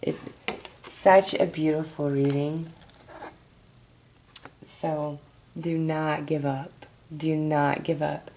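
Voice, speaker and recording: Slow-spoken woman with a gravelly voice. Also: low voice, flat delivery, a little mellow, a little hiss or hum. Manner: soothing, encouraging, speaks directly to the viewer. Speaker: tarot reader. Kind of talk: tarot reading.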